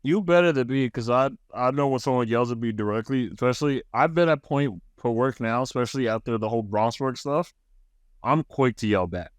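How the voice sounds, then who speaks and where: A man with an average-pitched voice chats on a podcast, telling a loose, rambling story and laughing as he goes. The mic is close and the sound dry. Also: brisk, clear, resonant tone, no echo. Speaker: podcast co-host. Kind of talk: casual storytelling chat.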